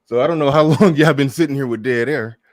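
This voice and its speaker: A man's voice: medium pitch, quick pace, dry recording, clean studio sound. A man hosting a casual live talk show, joking, cursing and laughing as he chats with his audience. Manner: joking, swearing, laughing at his own stories. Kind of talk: casual livestream chat.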